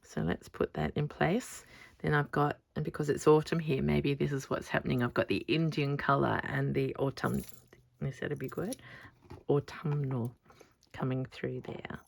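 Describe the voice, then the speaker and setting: A woman's voice: very deep voice, moderate pace, gravelly. A woman chatting casually in a crafting vlog, thinking aloud as she works on her stitching. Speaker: textile artist showing her stitching.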